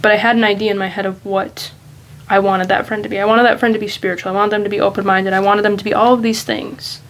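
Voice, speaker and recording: A woman's voice: mid-range voice, little pitch movement, fast, a little hiss or hum, poor audio. Rambling, candid woman vlogger. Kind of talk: casual reflective monologue.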